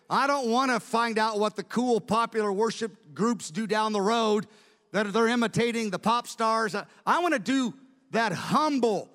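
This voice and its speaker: Brief: male pastor, high voice, rapid fervent sermon, long hall reverb. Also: fairly bright tone. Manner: rapid, fervent Bible teaching. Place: church.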